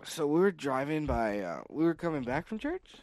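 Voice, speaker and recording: A young man co-hosting a podcast in casual chat, laid-back and playfully deadpan. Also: a little high, normal speed. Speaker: podcast co-host.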